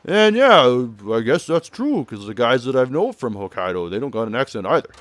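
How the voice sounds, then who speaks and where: A man talks through a video game in a relaxed, rambling way, his pitch bouncing around a lot. He laughs easily and keeps summing up what the characters say. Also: brisk, soft background music. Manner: chatty, loose, laughs often, summarizes game dialogue. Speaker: let's play commentator. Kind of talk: casual gameplay commentary.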